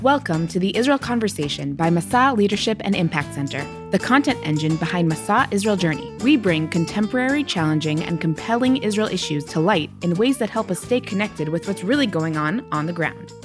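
A woman reading a polished podcast intro in a lowish voice. Clear guitar music plays behind her the whole time. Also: expressive, a little fast, few pauses. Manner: smooth, read-out promo. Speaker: show intro announcer. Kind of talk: scripted intro.

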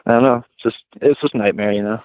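A man talking as a guest, telling a story casually with many "like"s and lively retellings. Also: medium pitch, quick pace, dry recording. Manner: heavy use of "like", lively retelling. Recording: tinny phone line, dry.

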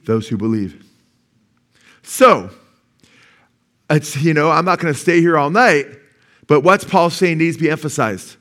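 A man's voice: a little high, animated, measured pace, long pauses, a bit bright. A man of sixty, a pastor, preaching a sermon at a church service. He keeps asking the congregation questions, waits for them to answer, and repeats key phrases for emphasis. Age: 60s.

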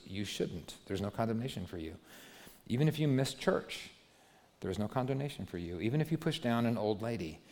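Guy preaching to kids, super animated, big booming room echo. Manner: animated, swings from loud emphasis to quiet asides. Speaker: youth pastor. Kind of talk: sermon to a young congregation. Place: church hall. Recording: long hall reverb.

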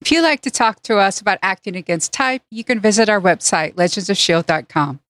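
A woman's voice: mid-range voice, lively intonation, brisk, a bit bright, no room sound, studio quality. A woman co-hosting a podcast, wry and teasing in casual chat. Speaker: podcast co-host.

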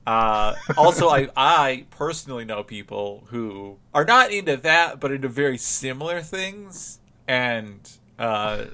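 A man's voice: medium pitch, expressive, a little slow, hardly any pauses, bright, forceful tone. Rambling, giggly podcast host man. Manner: rambling, laughs often, many restarts. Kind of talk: casual chat.

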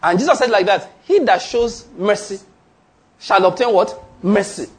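A man's voice: high-pitched, moderate pace. A man preaching a sermon to a congregation, quizzing them with call-and-response questions and repeating his points emphatically, with an occasional laugh. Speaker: pastor. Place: church before a congregation.

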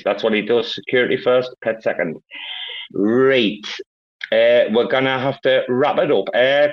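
A man's voice: mid-range voice, dull audio. A man hosting a casual online chat, boisterous and rambling, with heavy swearing. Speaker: host.

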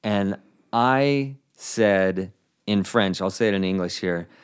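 A man who is a comedian guest, telling a story in an animated, comic way. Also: sits low, takes it slowly, smooth. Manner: lively storyteller, acts out voices with laughs.

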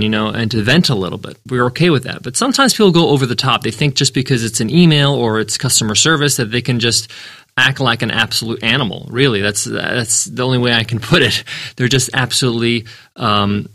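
A man's voice: medium pitch, animated, brisk, pushed and bright, no echo, studio quality. A man hosting a business podcast, answering a listener's question in an earnest, emphatic way and repeating words for stress. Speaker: podcast host and business founder.

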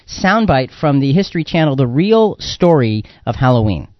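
A man's voice: medium pitch, sing-song, normal speed, lo-fi sound, a little hiss or hum. A man hosting a Christian radio talk program in casual chat, rambling and repeating words with many fillers. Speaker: radio talk show host.

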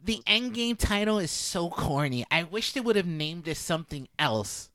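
A man's voice: high-pitched, sing-song, moderate pace, pushed and bright, dry recording, voice pushed up, exaggerated voice. A man putting on the voice of a pretentious male nerd fan who sneers at a movie trailer, in a mocking whine. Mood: snooty.

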